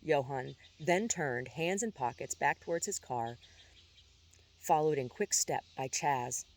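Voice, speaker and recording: A man narrating chapters of a novel in a steady, even storytelling manner with small stumbles. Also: mid-range voice, measured pace. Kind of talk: audiobook narration.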